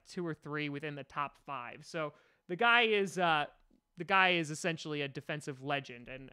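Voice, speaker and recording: A man's voice: a little high, bright, forceful tone, smooth. A man hosting a comedic sports podcast, rambling and joking with mock sarcasm. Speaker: podcast host.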